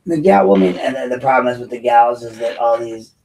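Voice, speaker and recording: A man's voice: medium pitch, flat delivery, fast, a little mellow. Combative man talking from a distant mic. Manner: combative, rambling, with restarts. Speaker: show host and veteran. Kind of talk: monologue commentary.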